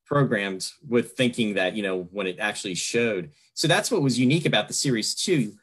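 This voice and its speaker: A man's voice: on the low side, expressive, fairly quick, a bit bright, slightly rough. A man in his fifties from the New York area, hosting a casual fan interview and talking in long, rambling runs. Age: 50s. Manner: rambling, many fillers and restarts. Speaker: host.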